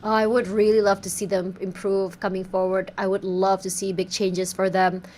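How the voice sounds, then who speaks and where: A woman's voice: mid-range voice, flat delivery, normal speed, a little mellow. A woman casting a mobile esports match live, in a bubbly, playful way. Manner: bubbly, playful, self-teasing. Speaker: esports caster. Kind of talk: live game commentary. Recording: faint background noise.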